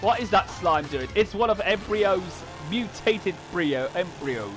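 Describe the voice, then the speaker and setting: A man's voice: sits high, lively intonation, a little slow. Young guy streaming a kart racer, rambly chat to viewers, game music blasting underneath. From United Kingdom. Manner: rambling, stop-start, talks straight to his viewers. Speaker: gaming streamer. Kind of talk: live gameplay commentary. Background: loud racing game music.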